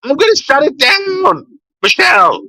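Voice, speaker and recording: A man putting on a mocking impression of another man, yelling furiously that he has had enough. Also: huge pitch swings, unhurried, exaggerated voice, low-quality recording. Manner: high strained yelling, mocking. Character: furious shouting young man, fed up.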